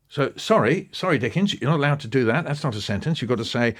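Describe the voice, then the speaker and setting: Animated man explaining language. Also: mid-range voice, fast talker, few pauses. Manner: animated, quoting and acting out passages. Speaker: interview guest. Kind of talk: podcast interview.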